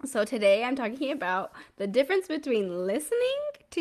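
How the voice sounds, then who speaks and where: Woman, 30s, parenting host, casual and chatty, lingering cough, slightly high voice. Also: big pitch swings, brisk, few pauses. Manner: chatty, informal, self-correcting, quotes her kids. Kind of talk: casual solo talk to camera, live.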